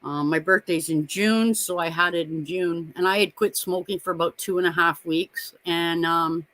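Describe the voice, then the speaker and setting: A woman in her fifties co-hosting a live stream, telling stories in a blunt, animated way and swearing freely. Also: on the low side, normal speed. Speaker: co-host of a live watch party stream. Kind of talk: casual chat.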